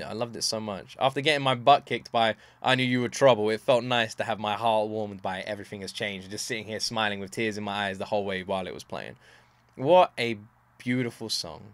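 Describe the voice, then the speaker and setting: Speaking in a fairly low voice, this thirtysomething man reacts to music on YouTube with casual, effusive praise. He often says things more than once, swears offhandedly, and erupts in loud bursts of excitement.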